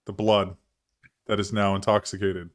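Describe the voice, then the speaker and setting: Low voiced guy running a tabletop game, rambly, lots of "like" and "um", swears casually. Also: little pitch movement, moderate pace. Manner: loose and rambling, heavy with fillers and swearing. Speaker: game master. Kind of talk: improvised tabletop narration.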